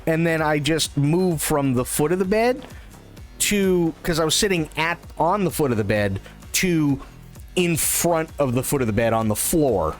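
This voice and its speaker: A fairly high-pitched man on a live game stream, telling a rambling tale with lively swings in his voice. He swears freely and laughs at his own stories, and faint game music sits behind him. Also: measured pace. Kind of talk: casual storytelling during a live game stream.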